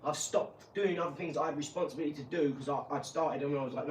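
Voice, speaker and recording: A man, hosting a casual live stream and telling lively, laughing stories with some swearing, from an empty garage. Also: fairly high pitch, fast. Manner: animated storyteller, laughs, swears. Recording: roomy, distant mic, faint noise.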